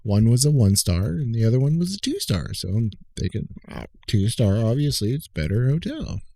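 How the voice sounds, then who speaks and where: A man's voice: medium pitch, big pitch swings, moderate pace, gravelly, warm tone, no room sound. A man co-hosting a podcast, telling a long profane story in casual chat and acting out the people he talked to. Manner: rambling, profane, retells calls in quoted voices. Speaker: podcast co-host.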